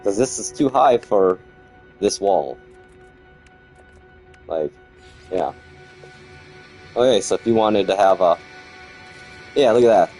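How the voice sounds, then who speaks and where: A man's voice: lowish voice, expressive, slow, pauses often, mellow, soft background music, poor audio. A man chatting casually as he streams gameplay, rambling and grumbling about the game's quirks while he talks to viewers. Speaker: gaming streamer.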